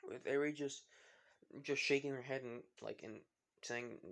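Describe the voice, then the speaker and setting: A man's voice: medium pitch, fairly even intonation, a little slow, gravelly, a bit bright. Guy rambling through a fan story, tons of likes and ums, casual. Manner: rambling, many fillers and restarts.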